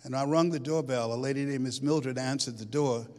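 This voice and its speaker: A man giving a dramatic storytelling speech to a live audience as a motivational speaker, swinging from hushed tones to shouts. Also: mid-range voice, fairly quick. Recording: long hall reverb.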